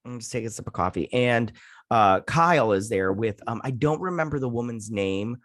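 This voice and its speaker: A man's voice: mid-range voice, animated, a little fast, a bit bright, no room sound. Rambling man recapping an episode, dry sound. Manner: rambling, loose, with many fillers and restarts; blunt, swears casually. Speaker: show host and reviewer.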